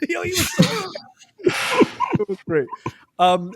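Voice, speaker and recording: A man co-hosting a casual film review podcast, talking loosely with many fillers and acting out scenes in quick quoted voices. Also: on the high side, sing-song. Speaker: podcast co-host.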